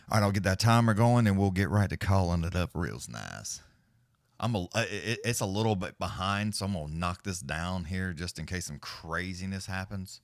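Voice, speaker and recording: Man, middle-aged, livestream fight host: low voice, dry close sound, loose and profane, jumps into quick play-by-play. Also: no room sound. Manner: rambling, profane, laid-back, with many restarts; fast play-by-play calling during fights. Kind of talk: casual live-stream commentary.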